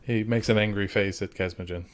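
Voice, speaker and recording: Lower-voiced guy playing a tabletop game, chatty, stops and starts a lot. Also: steady tone, brisk. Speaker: player.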